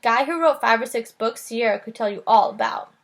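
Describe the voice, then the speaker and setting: A wisecracking schoolboy with a dry, offhand delivery, read by a woman. The voice stays fairly high with a creaky edge. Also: fairly quick, close to an everyday voice.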